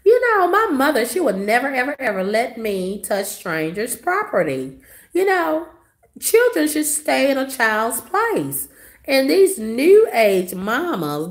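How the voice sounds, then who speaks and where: A woman's voice: fairly high pitch, big pitch swings, slow pace, a bit bright, echoey room. A woman delivering a profane, sassy rant as a vlogger, coughing now and then. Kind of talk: ranting monologue.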